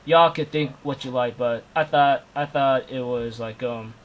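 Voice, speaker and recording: A man's voice: mid-range voice, unhurried, muffled recording. Casual male anime reviewer, rambling and slangy, lots of fillers.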